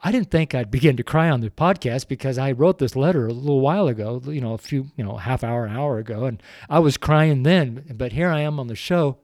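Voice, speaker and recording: A man's voice: medium pitch, a little fast, few pauses, a little mellow, no room sound, studio quality. A man in his sixties, a street preacher speaking on a podcast, crying and pleading earnestly into his microphone. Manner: pleading, earnest, repetitive appeals. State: tearful, crying while speaking.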